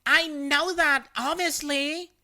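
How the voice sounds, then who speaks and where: A narrator voicing an impatient, entitled woman customer who shouts her demands. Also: high voice, normal speed, voice pushed up, exaggerated voice.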